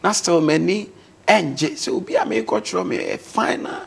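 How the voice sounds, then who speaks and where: A man's voice: a little high, animated, normal speed, creaky, slight background noise. A man with a Ghanaian accent, a guest on a talk show, earnestly telling his life story and mixing English words into his speech.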